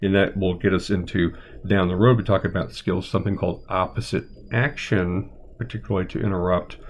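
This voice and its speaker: A middle-aged man with a lowish voice talks through a live-streamed lesson as a therapist. He rambles gently, thinking aloud and filling pauses with ums and uhs. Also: fairly even intonation, a little hiss or hum. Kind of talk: unscripted live-stream lecture.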